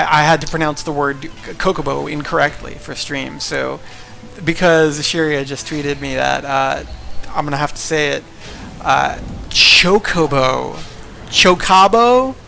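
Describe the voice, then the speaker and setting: Gravelly, goofy livestream commentator man. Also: on the high side, fairly bright tone. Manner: goofy, jokey, rambling. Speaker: tournament commentator.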